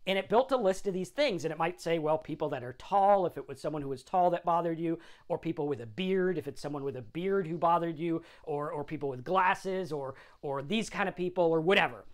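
A man's voice: on the high side, a little fast, hardly any pauses. A middle-aged man hosting a sobriety talk, speaking in an informal, conversational way and often checking in with "right?". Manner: conversational, tags lines with "right?".

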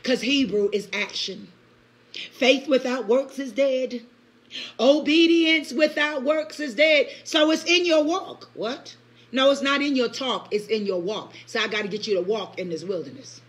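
A woman preacher delivering an impassioned live-streamed sermon. She speaks in the first person as God, throws in call-and-response asides, laughs often, and swings from loud outbursts to hushed lines. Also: on the high side. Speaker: preacher leading early-morning prayer.

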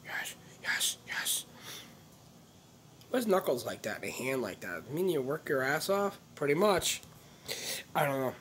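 Male comedian, loose swearing rant to camera, bouncy animated delivery, scattered thoughts. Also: mid-range voice, fairly quick, a little hiss or hum. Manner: profane, rambling and scattered. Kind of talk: casual vlog rant to camera.

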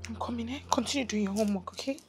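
A woman's voice: fairly high pitch, faint music behind, lightly acted. An actress as a pleading Nigerian young woman. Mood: weary. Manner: pleading, apologetic, fast rushed phrases. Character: timid young woman cleaner, anxious and pleading. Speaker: office cleaner. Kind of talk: film drama acting.

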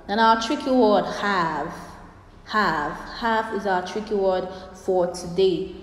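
A woman leads a children's phonics lesson at a slow, careful pace, saying each word and then repeating it. Her voice rings in an echoey room with a long reverb tail. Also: medium pitch, a little mellow. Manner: slow, deliberate, repeats words for pupils to copy. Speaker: teacher.

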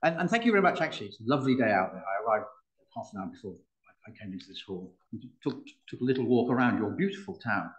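A man's voice: lowish voice, animated, very fast, fairly bright tone, muffled recording. An older man from the United Kingdom giving a public lecture, with dry humor and frequent restarts. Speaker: guest speaker. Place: public hall. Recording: roomy hall.

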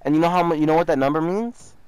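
A young man with a slightly high, mellow, clear, and resonant voice races along while chatting casually during a game. A YouTuber trolling a scammer, he teases and mocks the other player, often repeats himself, and says "bro" a lot.

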